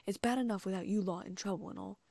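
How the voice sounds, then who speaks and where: A woman voicing a huge gruff half-giant gamekeeper in a storybook reading, rough, trembling and urgent. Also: mid-range voice, steady tone, fast, mellow, dry recording.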